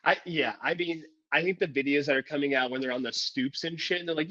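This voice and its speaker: A man's voice: a little high, fairly quick, hardly any pauses, bright, forceful tone. Laid-back man, dull lo-fi sound. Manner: laid-back, profane, says "dude" and "bro". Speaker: podcast co-host. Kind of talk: casual chat.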